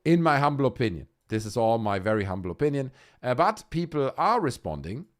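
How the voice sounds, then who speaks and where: A man hosting a live online show in a loose, sarcastic way, with a lively voice that rises and falls a lot. He mocks the clips he talks about and keeps a casual tone throughout. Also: mid-range voice, a little fast. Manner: sarcastic, mocking, puts on silly voices. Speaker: livestream host.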